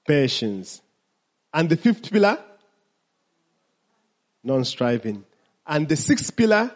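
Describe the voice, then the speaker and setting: A man with a high, husky voice leads a teaching talk, calling out questions and then answering them himself. His pitch swings widely, and he stretches out the words he wants to stress. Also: big pitch swings, slow. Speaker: mindfulness teacher.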